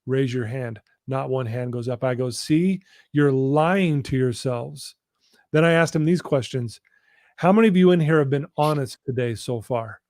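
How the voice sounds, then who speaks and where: A man's voice: mid-range voice, a little mellow, dry recording, clean studio sound. A man, a personal-development coach, telling a story as a guest in a live interview, leaning hard on key lines. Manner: earnest, drawn-out emphasis on key lines.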